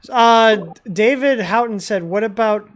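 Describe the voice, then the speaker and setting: A man's voice: sits high, measured pace. An American man hosting a livestream, chatting casually and teasing with frequent laughs. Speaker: livestream host. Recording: roomy echo, faint background noise.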